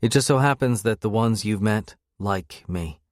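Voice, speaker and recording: A guarded young woman with a cool, terse way of speaking, read by a man in his own low voice. The delivery stays even and close. The recording is dry and close. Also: moderate pace, dry recording, natural voice.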